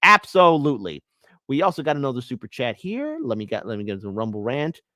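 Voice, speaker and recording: A man's voice: mid-range voice, fairly quick, no echo. A man hosting a live political stream, his voice swinging widely up and down as he reacts. He reads out donations and jeers at clips in a dry, close-miked sound with no room around it. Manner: animated, mocking, reads donations aloud. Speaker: livestream host.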